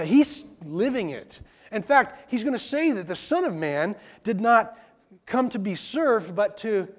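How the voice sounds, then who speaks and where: A man preaching in a relaxed, conversational way, with casual asides. His voice sits high and swings widely in pitch as he talks. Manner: animated, plain-spoken, drops into casual asides and acted quotes. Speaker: pastor. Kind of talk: conversational sermon.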